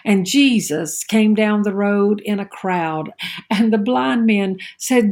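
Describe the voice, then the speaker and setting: A woman delivering a short sermon at an unhurried, deliberate pace. Her voice sits at an ordinary pitch, and she leans into a repeated refrain with emphatic weight. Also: creaky, darkish tone. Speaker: preacher.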